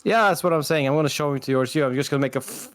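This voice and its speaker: A player with a mid-range voice argues the rules quickly and with insistence. The sound is dry and close. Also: mid-range voice, dry recording. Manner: quick, argumentative. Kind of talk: casual game chat.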